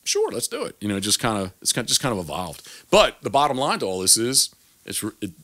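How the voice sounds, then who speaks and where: Guy in his 40s, hunting guide, chatty and animated, bright punchy voice, jumps all over in pitch doing the quotes. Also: fast, dry recording. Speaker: waterfowl hunting guide, guest. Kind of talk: casual storytelling interview.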